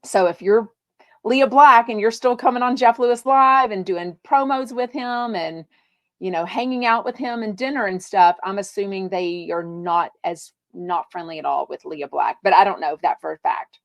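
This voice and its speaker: A woman hosting a live podcast, chatting in a bubbly, gushing way as she reads viewer comments. Her voice sits at an ordinary middle pitch. The sound is close and dry. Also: normal speed, fairly bright tone, no echo. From Texas. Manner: bubbly and gushing, many fillers. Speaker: podcast host. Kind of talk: live-stream chat reading viewer comments.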